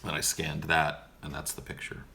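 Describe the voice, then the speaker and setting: A man's voice: rumbling low, completely flat delivery, moderate pace, gravelly, sharp tone, a little hiss or hum. A young man casually answering viewer questions on a livestream in a profane, joking, laid-back way.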